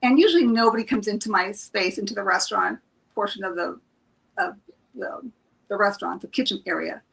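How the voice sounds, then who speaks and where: A woman's voice: medium pitch, expressive, brisk, vocal fry, a bit bright, poor audio. A woman, a psychic reader guest, retelling a personal experience in a casual, emotional way, with many restarts and acted-out quotes. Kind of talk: casual storytelling on a live stream.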